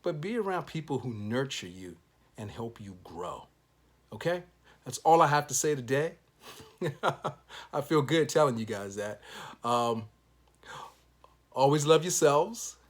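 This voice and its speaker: A man with a husky, slightly rough voice hosts a motivational talk show. He speaks in an upbeat, encouraging way and closes his thoughts like a preacher offering blessings. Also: mid-range voice, expressive, measured pace, pauses often. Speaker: show host.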